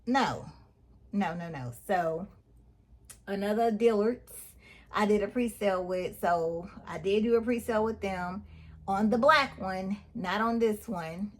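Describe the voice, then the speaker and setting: A woman's voice: mid-range voice, a little slow. A woman, chatting to her viewers in a casual unboxing vlog, exasperated and talkative. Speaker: vlogger.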